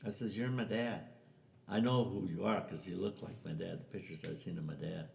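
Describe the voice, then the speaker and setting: A man's voice: low voice, fairly even intonation, brisk, creaky, a little mellow, a little hiss or hum. An older man telling a family story in a casual way, acting out the voices of the people in it. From US Southwest. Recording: echoey room.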